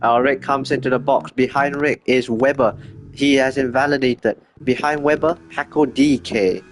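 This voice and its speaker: A man's voice: medium pitch, steady tone, a little hiss or hum. Chatty man commentating a sim race. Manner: quick, chatty, corrects himself often. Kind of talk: live sim racing commentary.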